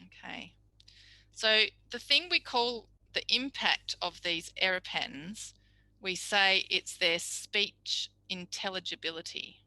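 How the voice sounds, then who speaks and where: Bright, dry-sounding woman tutor. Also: mid-range voice, slow, dry recording, rough recording. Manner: warm, chatty, explanatory with acted examples. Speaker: speech pathology tutor. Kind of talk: recorded tutorial lecture.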